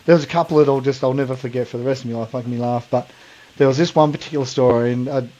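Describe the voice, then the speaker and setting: A man's voice: mid-range voice, steady tone, very fast, dark tone, highs cut off. An Australian man co-hosting a podcast, telling a rambling funny story in casual mate slang and laughing along. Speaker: podcast co-host.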